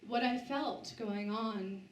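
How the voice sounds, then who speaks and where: A woman's voice: fairly high pitch, echoey room, recorded from a distance, slight background noise, low-quality recording. A woman giving a book talk to a live audience, sharing a personal story with many restarts and fillers. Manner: halting, with frequent restarts and fillers. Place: bookstore event space, indoors.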